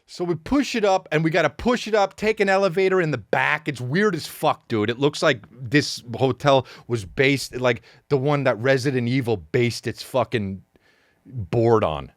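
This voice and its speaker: A man in his thirties, a podcast host, telling a comedic story in a profane, animated rant full of repeated words and sound effects. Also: medium pitch, moderate pace, no echo, clean studio sound. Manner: acts out sounds and quotes.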